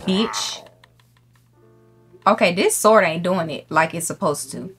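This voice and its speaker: A woman streamer giving loud, profane, excitable commentary while playing a game, shrieking when something startles her. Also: on the low side, slow pace, faint music behind. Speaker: gaming streamer. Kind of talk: let's play commentary.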